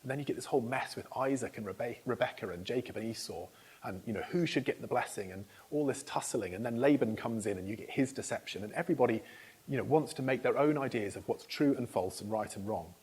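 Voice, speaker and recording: A man's voice: mid-range voice, fast, darkish tone, husky. A middle-aged man preaching a conversational sermon, putting questions to the congregation and often restarting his phrases. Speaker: pastor. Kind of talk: interactive sermon. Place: church hall.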